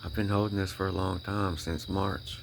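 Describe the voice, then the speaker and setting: With a deep, gravelly voice and fairly even intonation, a male vlogger tells his faith testimony casually and with emphasis as background noise runs behind him. Repetition, restarted sentences, and frequent "right?" and "you know?" mark his speech, and emotion makes him halt and begin again.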